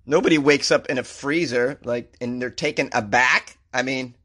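A man's voice: mid-range voice, moderate pace, bright, forceful tone. A man from Massachusetts hosting a comedy show, riffing sarcastically on strange news stories and laughing at his own jokes.

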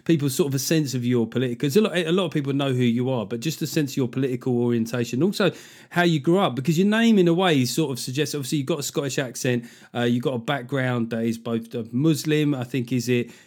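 A man's voice: medium pitch, quick pace, a little mellow. A man hosting a casual podcast interview, asking long, rambling questions with a joking tone. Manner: chatty, jokey, rambling questions. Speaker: podcast host.

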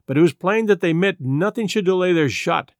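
A man's voice: sits high, lively intonation, brisk, no room sound. Man narrating a classic novel, dry. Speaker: audiobook reader. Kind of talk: scripted narration.

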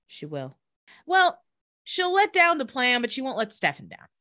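A woman's voice: sits high, wildly swooping pitch, pushed and bright, no echo, clean studio sound. A woman co-hosting a podcast, recapping a TV episode in casual chat with sarcastic asides. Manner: sarcastic asides while retelling scenes, quick laughs.

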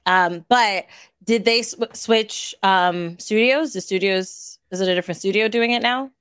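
A woman's voice: medium pitch, measured pace, clear, resonant tone, no echo. Woman host, casual and chatty, dry close recording. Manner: chatty, relaxed, laughs easily. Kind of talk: casual chat.

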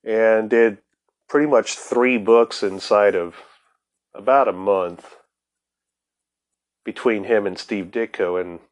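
A man hosting a casual podcast, telling comics history in a loose, profane, excitable way that is often broken by laughter. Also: lowish voice. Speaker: podcast host.

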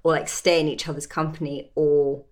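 A woman's voice: low voice, flat delivery, normal speed, darkish tone. A woman hosting a casual conversation, reflective and thinking aloud as she talks.

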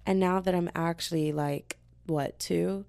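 A woman in her early twenties hosting a podcast, ranting casually and rambling, tired but wired, often jumping into high-pitched voices to quote people. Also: steady tone, measured pace, creaky, darkish tone, dry recording. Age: 20s. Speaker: podcast host.

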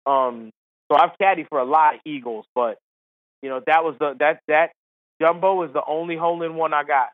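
A man, a former tour caddie, telling a story as a podcast guest in casual chat, animated and laughing as he acts out the people in it. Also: a little high, fairly quick, no echo. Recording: tinny phone-line sound.

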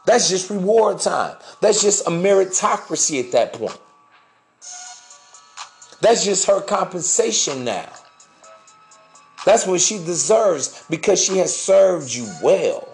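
A man's voice: high voice, expressive, slow, gravelly, long pauses, a little mellow, soft background music. A man hosting a podcast, talking in a blunt, profane, preachy monologue full of slang. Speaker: podcast host. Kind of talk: casual monologue.

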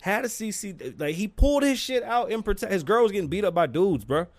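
A man's voice: high-pitched, quick pace, no room sound. A man hosting his own podcast, talking casually and profanely and telling stories with lots of energy. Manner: profane, animated storytelling. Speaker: podcast host.

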